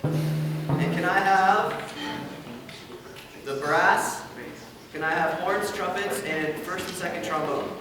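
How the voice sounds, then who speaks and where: A man's voice: fairly high pitch, takes it slowly, pauses often, music in the background. A man conducting an orchestra rehearsal, singing rhythms to demonstrate and checking in with short questions. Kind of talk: rehearsal instruction. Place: large rehearsal hall with orchestra. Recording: distant mic in reverberant hall with orchestra.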